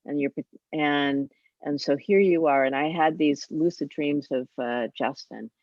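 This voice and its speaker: An older woman speaking as an interview guest, reflective and halting, with pauses and fillers. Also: low-pitched, dry recording. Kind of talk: casual interview talk. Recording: dull, dry lo-fi remote audio.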